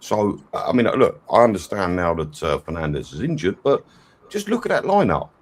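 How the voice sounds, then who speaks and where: Man, deep voice, very lively intonation, animated rant, guest on fan livestream. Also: normal speed, slightly rough. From England. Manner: fired-up, animated ranting. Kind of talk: casual chat.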